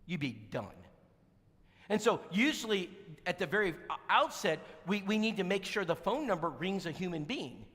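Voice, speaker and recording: A man giving a storytelling sermon, animated and acting out the dialogue. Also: sits high, normal speed. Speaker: church speaker. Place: church sanctuary. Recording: echoey church hall.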